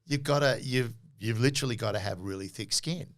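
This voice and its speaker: A middle-aged Australian man appears as a guest on a podcast, telling animated stories in a casual interview and acting out quoted dialogue. He speaks at a medium pitch and a little fast.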